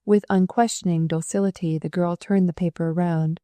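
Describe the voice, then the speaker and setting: Brief: woman audiobook narrator, lowish mellow voice, measured and expressive, dry close sound. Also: dry recording. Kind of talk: storybook narration.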